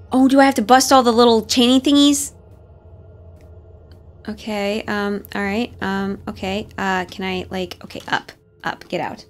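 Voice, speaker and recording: A woman's voice: mid-range voice, steady tone, a little slow, soft background music. A young woman commenting on a horror game, jumpy and nervous, swearing and talking herself through scares. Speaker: gaming streamer.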